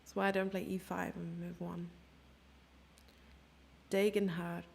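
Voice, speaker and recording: A woman's voice: on the low side, little pitch movement, measured pace, gravelly, a little mellow, a little hiss or hum. A woman from Germany giving casual, self-mocking live chess commentary, chatting with her viewers and thinking aloud over the moves.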